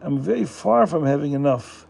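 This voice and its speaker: A poor, bashful father from an old folk tale, as a man plays him mutters his worries half to himself. The voice is gravelly and husky, with a dark, soft tone. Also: fairly high pitch, lively intonation, normal speed, exaggerated voice. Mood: despairing. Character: poor, shy, despairing older Jewish father.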